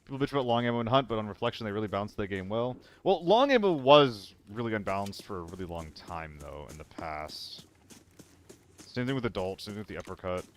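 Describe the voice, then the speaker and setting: A man giving casual commentary while streaming a game, rambling and answering chat, with hiccups and throat clearing. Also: lowish voice, expressive, brisk, slight background noise.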